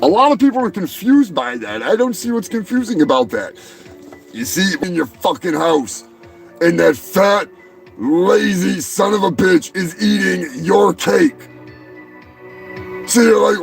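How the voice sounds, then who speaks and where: A man hosting a comedy show, ranting in a rambling, profane way that often breaks into shouting. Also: high-pitched, moderate pace, vocal fry, faint music behind. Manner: rambling, shouting, heavy swearing. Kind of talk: profane comic rant.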